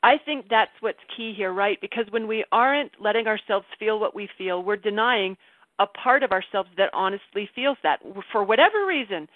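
A woman leading a casual group call, animated and self-mocking, laughing often as she talks. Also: medium pitch, moderate pace, no room sound. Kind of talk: casual group coaching chat. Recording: tinny phone line, dry.

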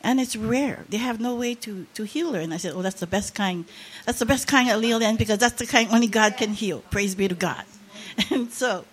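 A woman's voice: on the high side, normal speed, few pauses. Impassioned older woman preaching. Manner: impassioned, emotional testimony with rising emphasis. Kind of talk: sermon.

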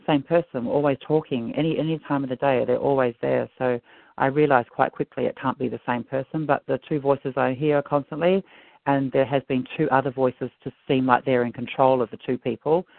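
A man's voice: mid-range voice, steady tone, a little fast, creaky, no room sound. A man calling in as a guest, telling his story in a chatty, joking, run-on way. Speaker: guest caller. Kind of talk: casual call-in chat. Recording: phone-line audio.

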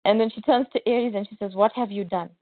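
She talks fast in a medium pitch, co-hosting a podcast where she excitedly walks through a comic's story and reads out what the characters say. The audio is dry and thin, almost like a phone call.

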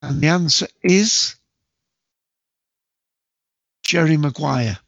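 A man hosting a casual movie quiz, chatty and jokey, with bursts of loud quote acting. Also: a little high, takes it slowly, no echo. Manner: chatty, jokey, self-mocking, acts out movie quotes loudly. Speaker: quiz host. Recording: dull lo-fi dry home recording.

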